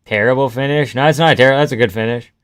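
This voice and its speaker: A young man chatting casually and profanely on a live fight reaction stream, joking and yelling at the screen. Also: mid-range voice, very fast, smooth. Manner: excitable, profane, laughing, yells at the screen.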